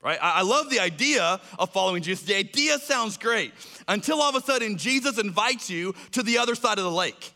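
A man preaching a sermon as a pastor, telling a story in a lively way and acting out the voices in it. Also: sits high, brisk, in a large hall. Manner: animated storytelling, acts out voices.

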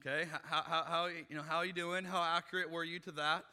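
A man preaches to his church with a bright, forceful voice and a slightly high pitch. He talks in a lively, conversational way. The sound rings with the long reverb of a large hall. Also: quick pace, clear, resonant tone. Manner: animated, conversational preaching with acted-out quotes. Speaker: pastor. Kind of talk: sermon.

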